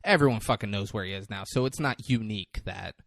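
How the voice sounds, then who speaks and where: Brief: casual male podcast co-host, animated, swears often, dry mic. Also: on the low side, quick pace, gravelly, no room sound. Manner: excitable, swears a lot. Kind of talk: casual chat.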